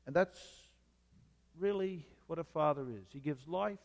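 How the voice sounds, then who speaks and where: A man preaching a sermon as a pastor, measured, with emphatic repetition. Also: fairly high pitch, big-room sound.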